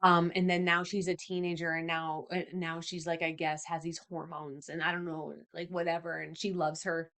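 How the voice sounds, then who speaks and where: A young woman hosts her own podcast, talking alone in a loose, casual way. She rants with animated exasperation and keeps breaking into mocking imitations. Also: mid-range voice. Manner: animated, exasperated ranting with mocking put-on quotes. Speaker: podcast host. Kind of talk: casual solo podcast chat.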